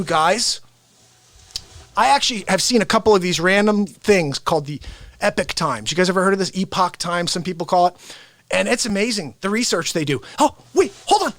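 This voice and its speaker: A man ranting to his live-stream audience, his pitch bouncing widely as he rambles. He addresses viewers directly. The sound is dry and close. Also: moderate pace, dry recording. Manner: animated, rambling, talks straight to viewers. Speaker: live-stream host and celebrity impressionist. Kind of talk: casual live-stream rant.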